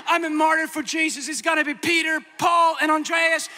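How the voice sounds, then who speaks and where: A male preacher tells a funny story about himself in an animated, dramatic way. His voice sits very high and sounds strikingly bright and sharp. It rings out with the long reverb of a big hall. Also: fairly quick, soft background music. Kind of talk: sermon with comic storytelling.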